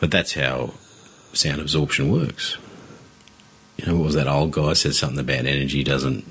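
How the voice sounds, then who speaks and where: A man's voice: extremely low pitch, steady tone, moderate pace, a bit bright, slightly rough. A man co-hosting a casual podcast, explaining things with dry, wry humour. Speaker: podcast co-host.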